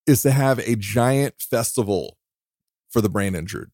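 A man hosting a podcast alone, talking in an earnest, heartfelt way, emotional and near tears, often restarting and laughing softly. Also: medium pitch, big pitch swings, slow, long pauses, no echo, clean studio sound. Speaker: podcast host. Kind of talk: reflective solo podcast monologue.

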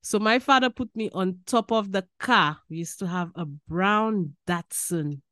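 A woman from Saint Lucia with a Saint Lucian accent, a podcast guest telling stories in animated, casual chat and slipping into Caribbean phrasing. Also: mid-range voice, unhurried, no room sound, clean studio sound.

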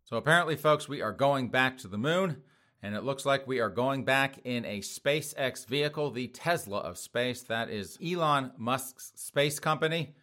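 Bright-voiced man mocking the news. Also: medium pitch, lively intonation, moderate pace. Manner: mocking, sarcastic, chuckles often; addresses listeners as folks. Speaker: commentary show host. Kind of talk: casual news commentary.

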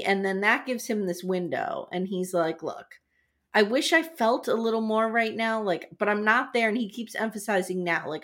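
Lively woman recapping a reality show. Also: a little high. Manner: animated storytelling, quoting people in voices, self-deprecating jokes. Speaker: podcast co-host. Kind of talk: casual recap chat.

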